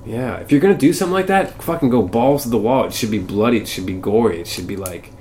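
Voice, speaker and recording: A sarcastic man rants casually about movies, swearing freely and slipping into mocking impressions. His voice sits at an ordinary middle pitch. A faint hiss of noise runs behind him. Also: fast talker, a little mellow. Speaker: podcast co-host.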